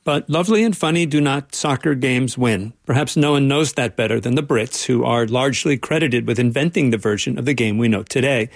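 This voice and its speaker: A man's voice: medium pitch, fairly quick, few pauses, dry recording, clean studio sound. A male correspondent narrating a radio feature in a wry, playful way.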